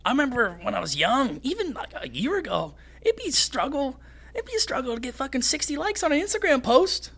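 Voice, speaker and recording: A young man who is a fighter, a guest on a podcast, telling stories in casual chat in an animated, rambling way. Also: very high voice, fairly quick, gravelly.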